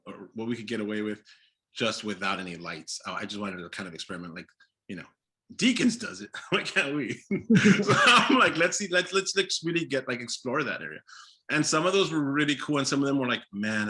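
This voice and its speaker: Animated, laughing filmmaker man. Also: lowish voice, husky. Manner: animated, laughing, acts out his own past thoughts. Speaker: filmmaker guest. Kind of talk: casual interview chat. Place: Los Angeles area.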